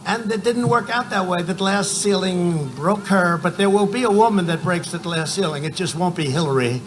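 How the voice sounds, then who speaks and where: A man in his seventies giving a boastful, rambling rally speech, often shouting numbers to the crowd. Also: high-pitched, moderate pace, very noisy. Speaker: political speaker at a campaign rally. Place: large outdoor rally.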